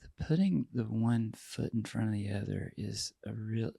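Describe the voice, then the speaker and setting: A male podcast host with a gravelly, husky voice reflects on what his guest has just said. The sound is dry and close, in a middle register. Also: fairly low pitch, moderate pace, mellow, no room sound. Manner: reflective, short affirmations. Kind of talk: interview chat.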